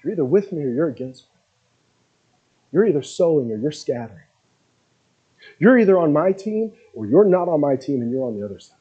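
A man voicing Jesus as a calm, gentle figure speaking softly and unhurriedly to his followers. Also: on the high side, breathy edge, muffled recording, pitched below the performer's own voice. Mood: firm. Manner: soft, hushed and unhurried.

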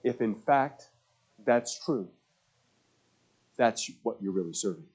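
A man preaching a sermon as pastor, telling stories and acting out the voices of people he quotes, swinging between loud and hushed. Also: lowish voice, takes it slowly, husky. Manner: animated storyteller, acts out quoted voices, swings loud to soft.

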